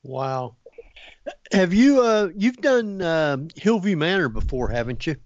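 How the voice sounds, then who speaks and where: Slow-talking man radio host. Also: fairly high pitch, sing-song, no room sound, muffled recording. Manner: slow, hesitant questions. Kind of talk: casual interview.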